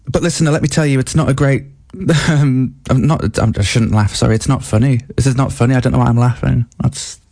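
A man hosting a comic mock radio broadcast, deadpan and rambling with many fillers. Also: medium pitch, no room sound, clean studio sound. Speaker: radio host.

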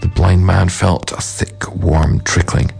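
A man reading a ghost story aloud in a measured, grave scripted narration. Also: low-pitched, steady tone, creaky, darkish tone, faint music behind, low-quality recording.

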